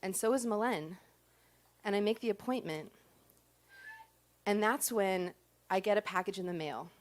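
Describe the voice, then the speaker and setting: A woman tells a comic story from her own life, talking to the crowd like friends. Her voice sits at an ordinary middle pitch, and she undercuts herself with dry, self-mocking punchlines. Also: normal speed. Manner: self-deprecating, conversational, punchline timing. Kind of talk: comic personal storytelling performance.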